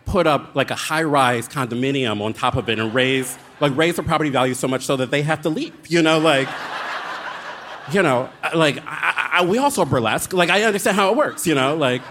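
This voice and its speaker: A man telling a dramatic, comic story as a guest author on a live show, with quick asides. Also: fairly high pitch, background noise.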